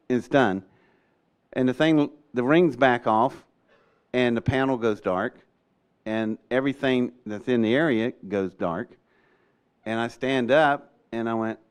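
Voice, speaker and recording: Older man, animated storyteller, acts out quotes, smooth clear voice. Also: mid-range voice, unhurried, long pauses. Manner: acts out voices in quotes, excitable, laughs often. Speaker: storyteller recounting an experience.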